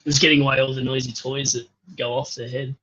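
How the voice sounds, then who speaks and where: An Australian man co-hosting a live stream, easygoing and quick with banter. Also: mid-range voice, flat delivery, highs cut off, noisy background. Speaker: co-host. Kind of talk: casual live stream chat.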